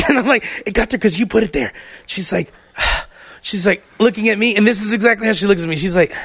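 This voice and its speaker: A man on a podcast telling a wild story in casual chat, profane and animated, acting out the quotes. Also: high-pitched, fast talker, vocal fry, husky. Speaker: podcast co-host.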